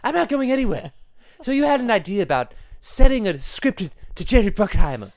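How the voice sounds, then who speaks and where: A snooty, scheming cartoon baby speaks in a high, haughty voice and makes grand threats, as a young man puts him on. The recording is dry and close. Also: very animated, brisk, darkish tone, dry recording.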